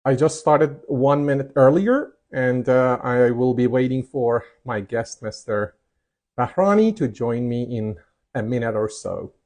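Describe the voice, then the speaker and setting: A man's voice: mid-range voice, unhurried, darkish tone. A man hosting a live stream, greeting viewers around the world and reading out their chat comments. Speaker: host. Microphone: mic'd up.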